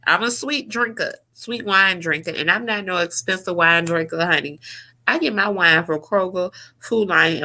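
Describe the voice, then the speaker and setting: A woman vlogger in a casual commentary, loud and profane, talking straight to her viewers and breaking into shrieking laughter. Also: lowish voice. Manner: slangy, talks straight to viewers as y'all.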